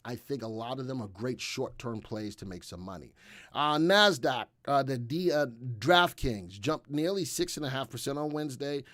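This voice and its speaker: A man's voice: medium pitch, no room sound, studio quality. A man hosting a live stock market show, talking casually and rambling with fillers and asides. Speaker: livestream host.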